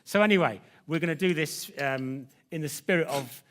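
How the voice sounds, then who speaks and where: Speaking at a normal pace with a voice on the high side, a man runs a live science demonstration in a lecture theatre with an audience. He's jokey and conversational, poking fun at his assistant.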